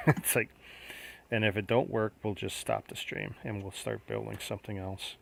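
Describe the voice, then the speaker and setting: A low-voiced man with a gravelly edge chats through a livestream build. He muses aloud, reacting to each step. A faint noise sits under the recording. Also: level tone, brisk. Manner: chatty, musing aloud while building. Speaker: livestream host building a model kit. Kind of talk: casual livestream chat.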